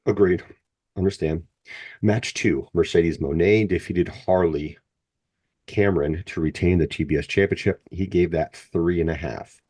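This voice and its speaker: A middle-aged man co-hosting a podcast, reading out match results and rating them in a halting, plain-spoken way. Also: deep voice, a little mellow, breathy edge. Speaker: podcast co-host. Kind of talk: casual wrestling chat, reading results.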